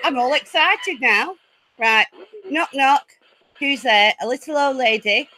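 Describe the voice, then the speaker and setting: Giggly high-voiced woman host. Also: unhurried, rough recording. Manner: chatty, giggly, easily excited. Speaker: paranormal channel host. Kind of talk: casual live chat. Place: home. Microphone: laptop.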